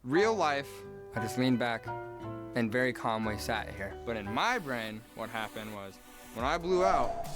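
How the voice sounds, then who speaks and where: A man's voice: medium pitch, lively intonation, measured pace, over music. A young man telling a rambling personal story, packed with filler words. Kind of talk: storytelling trip report.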